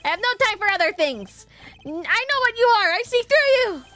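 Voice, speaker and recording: A woman's voice: very high voice, big pitch swings, moderate pace, sharp tone, voice pushed up, exaggerated voice. A woman voicing a pompous, haughty wealthy male art dealer in a theatrical, indignant manner, reading game dialogue on stream.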